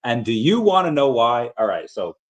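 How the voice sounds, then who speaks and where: Male host, mid-pitch, chatty and rambling, talks in loose restarts. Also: very animated, normal speed. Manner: rambling storyteller with frequent restarts and fillers. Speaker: crypto collectibles vlogger. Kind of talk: casual livestream chat.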